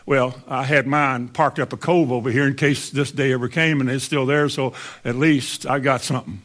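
A man's voice: medium pitch, steady tone, moderate pace, fairly bright tone, pitched below the performer's own voice, lightly acted. A man voicing a weary, defensive fisherman disciple in a sermon retelling, speaking in a muttering, resigned way.

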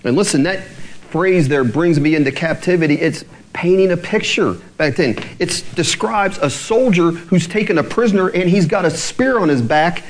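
A man's voice: high-pitched, normal speed, rough recording. A male pastor delivering a conversational sermon, often checking in with his listeners through rhetorical questions.

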